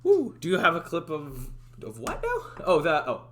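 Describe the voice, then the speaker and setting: A woman's voice: deep voice, wildly swooping pitch, moderate pace, a little hiss or hum. A woman game developer chatting casually on a livestream, giggling and rambling through restarts. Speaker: streamer and indie game developer.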